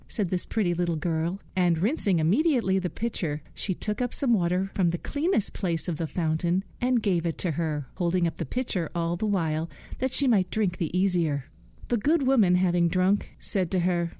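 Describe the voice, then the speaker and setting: A woman reading a bedtime fairy tale slowly and soothingly. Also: lowish voice, expressive, dark tone, no room sound. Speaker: bedtime storyteller. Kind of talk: scripted bedtime narration.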